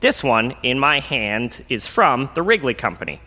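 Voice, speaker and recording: A man's voice: mid-range voice, very animated, normal speed, sharp tone, long reverb tail. A man playing a goofy gum-chewing planner. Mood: chummy. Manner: talks with mouth full, chummy and loose.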